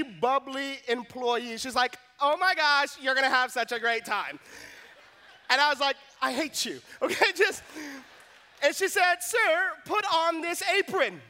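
A young male pastor tells a funny story from the pulpit in an animated, self-mocking way. His voice sits very high and sounds bright and forceful. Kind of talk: sermon with humorous story.

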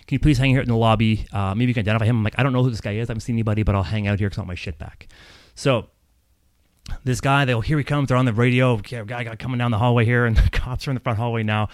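A man's voice: medium pitch, very fast, no echo. A man telling a long personal story in a casual, rambling way, swearing often and laughing as he goes. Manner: profane, rambling, animated, laughs while telling.

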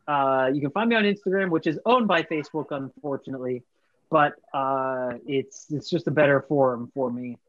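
A man's voice: mid-range voice, moderate pace, a bit bright, no echo, lo-fi sound. A man talking casually as a guest bait maker, rambling with many restarts. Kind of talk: casual podcast chat.

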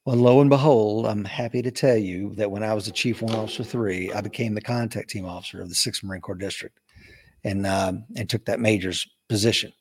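In a lowish, slightly quick voice, a retired Marine officer shares his own stories as an interview guest in a casual storytelling interview, animatedly acting out the voices of the people he quotes.

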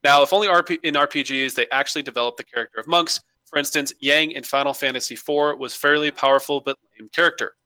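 A man co-hosting a podcast, reading listener emails and bantering in a joking, animated way. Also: a little high, fast, hardly any pauses, no echo. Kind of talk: casual podcast chat. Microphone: home microphone on a remote call.

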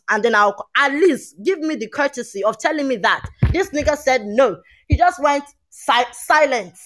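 A woman, chatting on a podcast panel and telling a story in an animated, emphatic way. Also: sits high, moderate pace, hardly any pauses. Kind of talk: casual chat.

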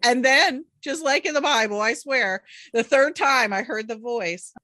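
A middle-aged woman, an author, telling a personal story in an interview with animated delivery and frequent laughter. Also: a little high, measured pace, no room sound, clean studio sound. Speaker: author and guest.

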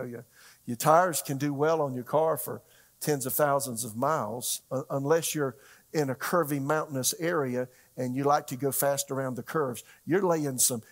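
A middle-aged man preaching a sermon as pastor, conversational and halting, with frequent fillers and restarts. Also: medium pitch, creaky.

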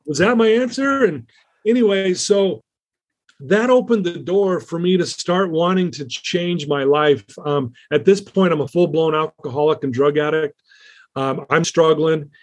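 A man's voice: a little high, unhurried. Earnest man telling his recovery story. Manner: earnest, rambling, many fillers and restarts. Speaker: interview guest. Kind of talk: candid personal storytelling.

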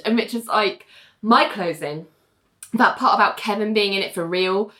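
A woman's voice: mid-range voice, normal speed, sharp tone, reverberant. A woman co-hosting a podcast, casually recapping a TV episode and acting out the characters' lines. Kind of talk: casual chat.

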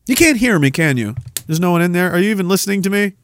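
A man's voice: high voice, expressive. A man in his thirties hosting a podcast, ranting in a sarcastic, profane way. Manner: sarcastic, profane, fast-shifting rant. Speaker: podcast host.

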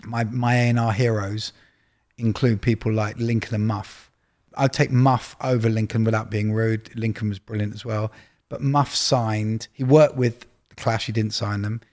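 A man's voice: fairly low pitch, steady tone, normal speed, a little mellow. A man who is a record label executive, talking casually in a sit-down conversation and telling anecdotes full of quoted dialogue.

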